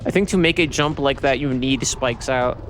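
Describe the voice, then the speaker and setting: A man's voice: mid-range voice, moderate pace, fairly bright tone, slight background noise. A man streaming a video game in casual chat, swearing freely and rambling with restarts, tired from poor sleep.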